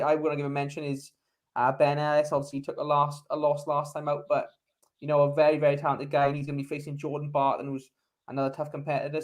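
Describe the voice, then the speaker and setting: A man hosting a sports podcast in casual chat, enthusiastic and leading the discussion. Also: a little high. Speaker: podcast host.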